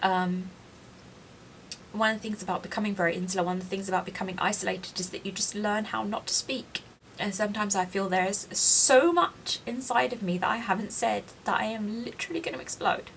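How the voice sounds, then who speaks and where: A woman's voice: mid-range voice, brisk, creaky, fairly bright tone, slight background noise. A woman in her late thirties, crying as she confides in a personal video diary, self-deprecating and frank. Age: 30s. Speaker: vlogger.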